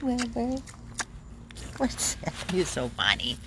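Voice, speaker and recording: A woman hosting a casual live stream from her dog rescue, using gentle baby talk with her dog and chatting with viewers. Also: on the low side, sing-song, measured pace, pauses often, background noise. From Florida. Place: home with dogs, indoors and out.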